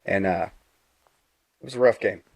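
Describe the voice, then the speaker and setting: A deep, gravelly man's voice tells a story from his own life, earnest and unpolished, with frequent restarts. His tone is husky. The sound is dry and close. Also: moderate pace, no room sound. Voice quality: low gravelly voice. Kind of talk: casual storytelling.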